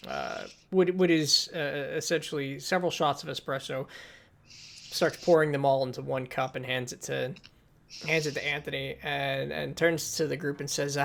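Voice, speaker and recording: Guy running a tabletop game, bright voice, lots of ums. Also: on the high side, gravelly. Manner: casual, halting, many fillers. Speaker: game master.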